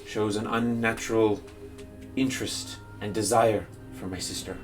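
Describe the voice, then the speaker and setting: A man voicing a weary young nobleman who speaks formally in halting, pause-filled sentences. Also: lowish voice, steady tone, faint music behind, lightly acted. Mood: grave.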